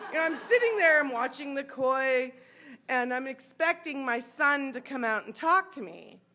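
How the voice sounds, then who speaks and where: A woman's voice: high-pitched, normal speed. A woman in her forties with an American accent, telling a true personal story on stage and acting out the people in it. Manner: animated, acts out the voices in her story. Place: sports bar stage.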